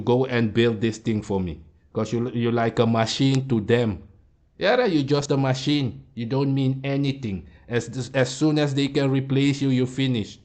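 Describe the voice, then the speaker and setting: A man talks back at clips he is reacting to, confrontational and lecturing. His voice sits in a middle pitch, and he often trips over repeated words as he gets going. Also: a little mellow. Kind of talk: heated commentary.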